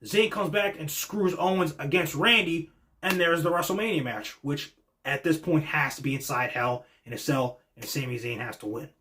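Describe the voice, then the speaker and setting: In a casual wrestling reaction monologue, a male podcast host rambles through his predictions, full of opinions and fillers. He speaks at a moderate pace in a bright, forceful voice that sits on the high side.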